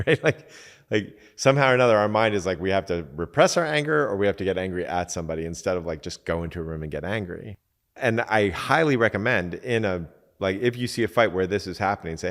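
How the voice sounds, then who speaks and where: Deep-voiced man coaching in a reverberant space. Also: fairly quick. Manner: conversational, acts out quoted exchanges, many fillers. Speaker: relationship coach. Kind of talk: casual teaching talk.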